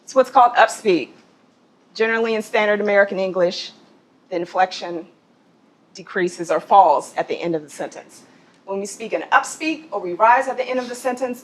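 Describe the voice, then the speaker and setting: A woman with a mid-range voice runs a corporate voice-training session in an office training room. As a voice and presence coach, she quizzes the group and laughs frequently. The recording is rough.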